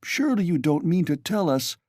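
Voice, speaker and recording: A man's voice: a little high, big pitch swings, fairly quick, darkish tone, no echo, clean studio sound, pitched above the performer's own voice. A man voicing an anxious, timid middle-aged mother who pleads and frets. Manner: pleading, fretful.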